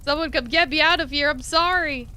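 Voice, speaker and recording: A woman voicing a panicked young hero trapped in a burning building, shouting and sobbing in desperation. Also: high voice, a little fast, voice pushed up. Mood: terrified. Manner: frantic, shouting and sobbing in despair.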